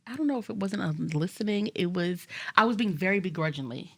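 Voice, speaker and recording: Woman, study group member, lowish pitch, animated, laughs through her story. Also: a little fast, vocal fry, husky. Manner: animated, laughing while telling. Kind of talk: casual personal storytelling.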